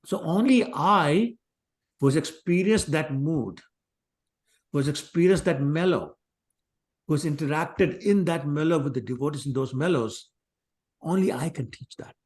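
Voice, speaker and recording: A man's voice: fairly high pitch, normal speed, pauses often. A man teaching a scripture class, telling the stories in a casual, digressive way and acting out the quotes. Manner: conversational, digressive, acts out quotes. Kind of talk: scripture class lecture with storytelling.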